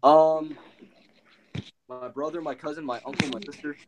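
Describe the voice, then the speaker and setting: A man chatting on a live stream in an animated, excitable way, swearing a lot over online voice chat. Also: fairly high pitch, moderate pace, lo-fi sound. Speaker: guest on a stream.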